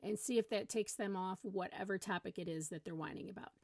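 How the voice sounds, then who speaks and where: Female parenting coach, calm step-by-step delivery, mid-pitched voice, dry close recording. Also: brisk, vocal fry, no echo. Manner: calm, encouraging, explains step by step. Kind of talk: instructional talk to camera.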